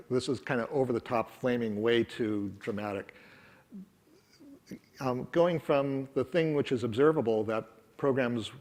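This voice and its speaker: A man's voice: medium pitch, a little mellow. Middle aged guy giving a conference talk, wry and chatty, lots of ums. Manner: wry, conversational, many ums and uhs. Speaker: conference speaker. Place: conference room.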